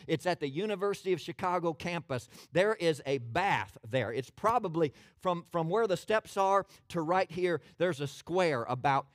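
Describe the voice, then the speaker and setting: A man preaching a sermon as pastor, folksy and animated, asking his listeners questions. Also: on the high side, no room sound, studio quality.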